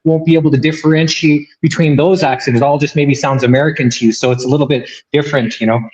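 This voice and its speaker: A man from Czechoslovakia weighs in on a casual group chat, laying out his view in a calm, measured way. His voice is a bit higher than most men's. The recording sounds dull and lo-fi.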